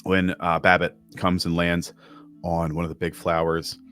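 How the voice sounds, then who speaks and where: Brief: male game master, deep voice, loose rambling narration, light music under it. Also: normal speed. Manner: relaxed rambling narration with many fillers.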